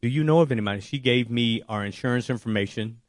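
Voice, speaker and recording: Man, mid pitch, personal testimony, animated storytelling, voices his own quotes, dry sound. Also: fast talker, no room sound. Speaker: testimony speaker.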